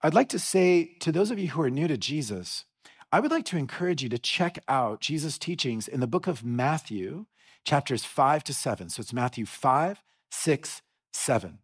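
A middle-aged man preaching a sermon in a church, telling a story with animated energy and frequent restarts. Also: on the high side, moderate pace, slightly rough. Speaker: pastor.

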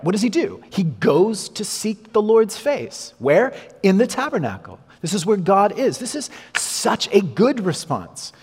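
A man preaching a sermon, animated, acting out the lines of the people, Moses and God as he goes. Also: high voice, husky. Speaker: pastor. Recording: long hall reverb.

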